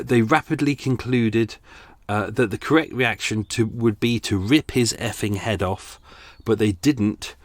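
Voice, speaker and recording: A man's voice: on the low side, no room sound. A middle-aged British man hosting a podcast, chatting casually in a wry, skeptical way with plenty of ums. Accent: British English. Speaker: podcast host. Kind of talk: casual unscripted commentary.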